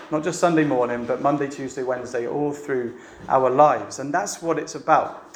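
An adult man with a family preaches a sermon to a church meeting in a chatty style, frequently posing rhetorical questions to the room. His voice is mid-range, and the echoey room carries faint ambience plus a little hiss or hum.

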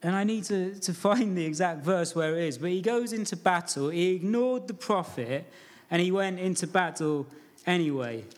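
A man with a high voice preaches a sermon to his congregation. He tells the story informally and keeps putting questions to the listeners. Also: moderate pace.

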